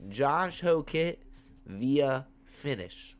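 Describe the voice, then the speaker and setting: A man's voice: medium pitch, very slow, clean tone. A man hosting his own MMA picks show, talking in a casual, slangy way and getting hyped on camera. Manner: animated, slangy, hyped with big swings in loudness. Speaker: MMA betting picks host. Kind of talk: casual fight-pick commentary. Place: at home on camera. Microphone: webcam or phone on camera.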